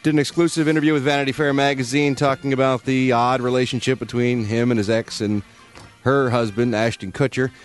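A man's voice: mid-range voice, fairly even intonation, brisk, faint music behind. A man hosting a radio show, reading entertainment news in wry, joking casual banter with frequent laughs.

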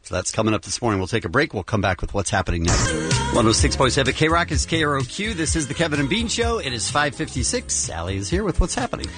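A man's voice: medium pitch, big pitch swings, quick pace, over loud music. A man hosting a radio morning show, teasing his co-hosts in casual banter and running the segments from the studio. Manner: teasing, jokey, runs the segments.

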